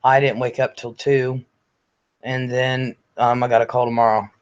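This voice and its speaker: An older man chats casually on a home livestream, reading out viewer comments in a blunt, chatty way with the odd curse. His voice sits at an ordinary pitch and sounds a little congested. The audio is slightly dull and lo-fi. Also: flat delivery, normal speed, smooth. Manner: chatty, blunt, swears freely. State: recovering from illness, congested. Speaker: livestream host.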